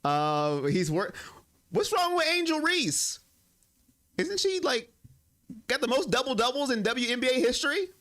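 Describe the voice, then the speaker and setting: A young man runs a sports live stream, talking straight to his chat in a casual, emotional way. His voice sits very high for a man and swings up and down a lot. It comes across bright and forceful. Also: big pitch swings, measured pace, long pauses.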